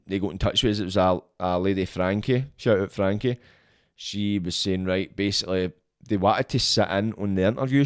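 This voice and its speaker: A man's voice: lowish voice, no room sound, clean studio sound. Sweary Scottish man telling a story. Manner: sweary, blunt, animated storyteller. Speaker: podcast guest. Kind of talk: casual storytelling.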